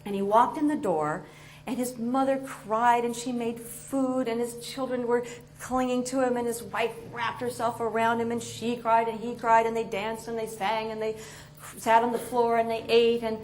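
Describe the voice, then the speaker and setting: A woman tells a story to an audience in an animated, expressive, self-mocking way. Her voice sits a little high, and faint ambient noise sits behind her. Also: moderate pace. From New York. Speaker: motivational speaker.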